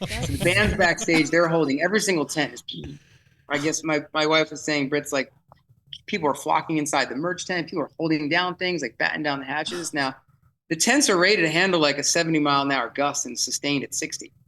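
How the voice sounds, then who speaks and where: Excitable man telling a festival story. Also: a little high, a little fast, low-quality recording. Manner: vivid, excitable retelling with frequent restarts. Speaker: festival producer guest. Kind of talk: animated storytelling in podcast chat.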